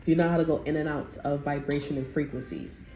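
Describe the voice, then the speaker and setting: Woman, low mellow voice, blunt casual tarot reader, roomy sound, faint music behind. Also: fairly even intonation, a little fast. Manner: blunt, swears, quotes people in raised voice.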